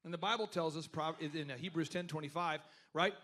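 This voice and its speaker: A man hosting a live business workshop, telling stories and asking the audience questions in an animated way. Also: fairly high pitch, brisk. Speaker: host.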